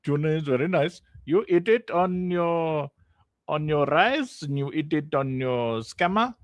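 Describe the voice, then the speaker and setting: A man hosting a casual live stream in a goofy way, jumping into silly squeaky voices and laughing as he chats with his community. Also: expressive, measured pace, no echo.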